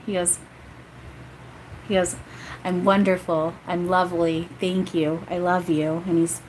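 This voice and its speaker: A woman's voice: fairly low pitch, level tone, unhurried, darkish tone, slight background noise. A woman giving a casual livestream channeling reading, chatty and rambling, often breaking into laughter. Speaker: psychic medium.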